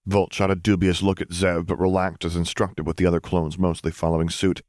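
A man narrating a serialized fan fiction story in a steady, even reading voice. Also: low-pitched, fairly quick, dry recording, clean studio sound. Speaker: audiobook reader.

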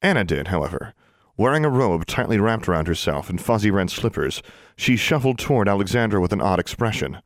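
A man narrating an audiobook chapter with expressive storytelling. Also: lowish voice, fairly quick, dry recording, clean studio sound. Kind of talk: scripted narration.

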